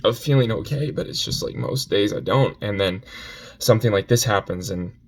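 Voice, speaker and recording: Upset man, halting, low-voiced. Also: a little mellow, slight background noise. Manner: halting, repeating himself, with sighs. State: upset and near tears. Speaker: vlogger. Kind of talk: personal confessional vlog. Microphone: phone.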